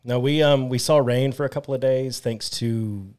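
An easygoing man co-hosts a podcast and chats in a wry, relaxed way. His voice sits at an ordinary middle pitch, with plain casual delivery. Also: moderate pace. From Florida. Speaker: podcast co-host.

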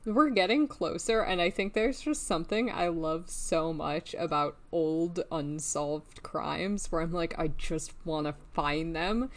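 A woman co-hosting a podcast in casual chat, chatty and excitable, often laughing as she talks. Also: on the low side, a little slow, few pauses. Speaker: podcast co-host.

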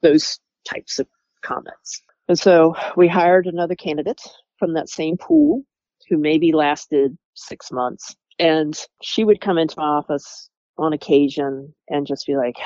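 A former employee telling a candid, animated story about workplace conflict and acting out coworkers' words. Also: medium pitch, measured pace, dry recording, lo-fi sound. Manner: animated, acts out quoted coworkers.

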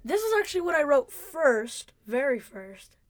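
A woman's voice: high voice, sing-song, normal speed, dry recording. A young woman co-hosting a casual podcast, gushing enthusiastically about a TV episode and laughing often. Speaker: podcast co-host. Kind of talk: casual chat recapping a TV episode.

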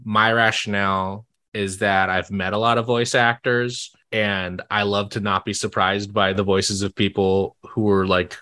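A young man chatting casually as a podcast guest, animated and laughing often with quick asides. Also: lowish voice.

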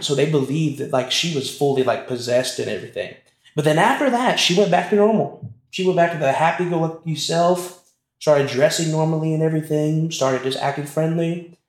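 Rambling young man in a roomy space. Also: medium pitch. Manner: rambling, many fillers and restarts. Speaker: interview guest telling a family story. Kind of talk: casual storytelling. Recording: roomy echo.

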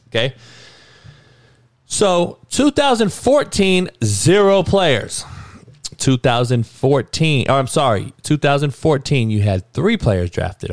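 A man's voice: on the low side, gravelly, no echo, clean studio sound. A man giving a heated, profane and mocking sports rant as a podcast commentator.

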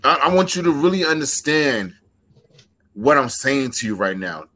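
A man cuts a wrestling promo with a bright, forceful voice. He builds his threats in steady, rhythmic repetition. Each line lands with deliberate intensity. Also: medium pitch. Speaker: pro wrestler.

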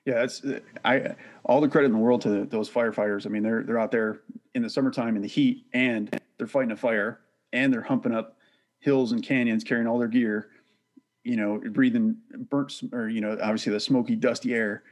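A man's voice: mid-range voice, steady tone, fairly quick. A man co-hosting a podcast, chiming in with curious follow-up questions. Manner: inquisitive, asks follow-up questions. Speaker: podcast co-host. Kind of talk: casual interview chat.

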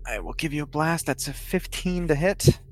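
A man's voice: fairly high pitch, expressive, normal speed, rough recording. Eager man explaining his game moves. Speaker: player. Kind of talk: tabletop game play.

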